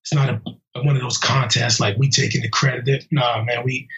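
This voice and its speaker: A police officer being interviewed in a casual way, talking bluntly and heatedly with slang and halting restarts. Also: male voice, medium pitch, little pitch movement, creaky, fairly bright tone, faint music behind. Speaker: police officer interviewed about a violent attack. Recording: muffled lo-fi audio.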